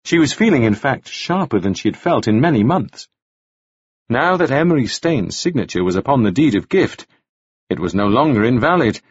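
A male narrator reads a novel in a measured, expressive way. His voice is husky, with a lively pitch. The recording is dry and sounds a little dull. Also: no room sound. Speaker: audiobook narrator. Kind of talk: scripted narration.

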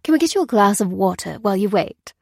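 A woman voicing a grandfatherly older male scientist in an audiobook, courteous, soothing and calmly in charge. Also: medium pitch, fast talker, gravelly, no room sound, studio quality. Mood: genial.

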